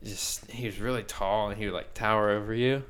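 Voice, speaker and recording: A man's voice: on the low side, steady tone, a little fast, fairly bright tone, slight background noise. A man co-hosting a podcast, chatting casually and rambling through a story. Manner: rambling storyteller, acts out quotes. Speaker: podcast co-host. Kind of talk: casual chat.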